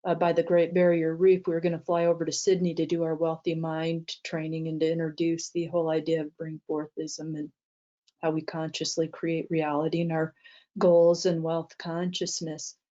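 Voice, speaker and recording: A woman's voice: sits low, completely flat delivery, normal speed, dark tone, lo-fi sound. A woman teaching a mindset talk, telling an anecdote with many fillers and restarts. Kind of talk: storytelling talk to an audience.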